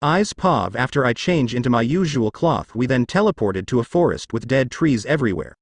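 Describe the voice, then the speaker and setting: Lively male fan story reader. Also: medium pitch, moderate pace, dry recording, studio quality. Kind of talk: reading a fan story aloud.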